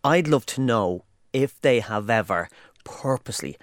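A man co-hosting a podcast, chatting casually with animated, swearing banter. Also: medium pitch, unhurried, no room sound, clean studio sound. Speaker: podcast co-host. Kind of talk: casual chat.

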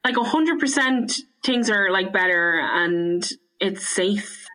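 A young woman in casual chat, telling an anecdote in an even, measured way. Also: medium pitch, rough recording.

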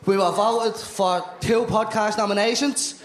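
A man's voice: high-pitched, fairly even intonation, measured pace. Man, Dublin Irish accent, cheeky live podcast host, echoey venue, crowd noise and hiss behind. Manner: cheeky, teasing, swearing. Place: stage of a live show in a theater.

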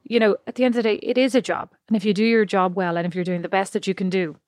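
A woman's voice: mid-range voice, steady tone, very fast, a little mellow, no echo. A woman co-hosting a podcast, chatting casually and rambling, laughing often. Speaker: podcast co-host. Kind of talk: casual chat.

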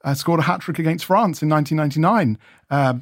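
A man's voice: a little high, fast talker, dry recording. A man being interviewed in a radio studio, chatting in a rambling way with many restarts. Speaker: radio reporter.

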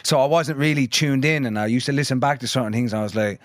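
A man's voice: medium pitch, fast talker, few pauses, no echo, studio quality. A man in his thirties from London and Ireland, a guest musician rambling in casual conversation with lots of fillers and swearing.

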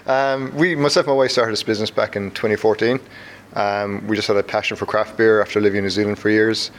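Cork-accented man, quick talker, low-ish voice, casual interview. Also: steady tone, a little hiss or hum. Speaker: brewery co-founder.

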